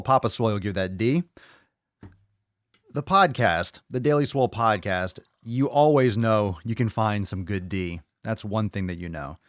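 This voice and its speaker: A man's voice: lowish voice, moderate pace, dry recording, studio quality. A man hosting a live fitness podcast stream, chatting loosely with viewers, joking, swearing and rambling. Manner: loud, joking, profane, rambling. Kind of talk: casual live-stream chat.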